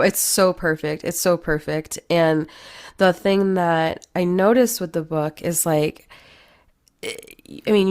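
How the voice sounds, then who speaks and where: A woman hosting an interview, talking in an effusive, heartfelt way about a book. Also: on the low side. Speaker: podcast host. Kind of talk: interview conversation.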